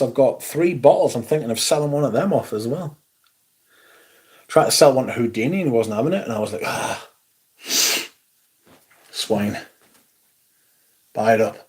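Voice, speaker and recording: A man's voice: a little high, a little mellow. A middle-aged man, hosting a casual livestream and telling rambling, sweary stories while reading out chat. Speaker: livestream host.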